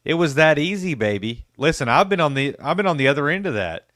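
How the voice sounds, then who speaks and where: Male co-host, easygoing party-story type, lively intonation, dry recording. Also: fairly high pitch, quick pace, no echo. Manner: laid-back, boastful storytelling, calls people "baby". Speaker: podcast co-host. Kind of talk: casual livestream movie chat.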